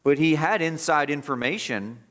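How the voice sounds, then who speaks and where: A pastor delivers a sermon in a man's voice that sits a little high. He talks emphatically and repeats his points, letting his intensity climb and then sink low. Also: moderate pace, fairly bright tone. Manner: emphatic, repetitive preaching with rising and falling intensity. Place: church.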